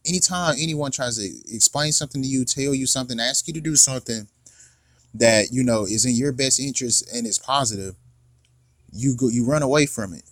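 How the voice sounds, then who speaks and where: A man reacts to a clip in a casual, argumentative way, circling back to the same questions in slangy speech. His voice sits at a middle pitch and sounds dry and close to the mic. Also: fairly quick, a bit bright, no echo. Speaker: reaction video host.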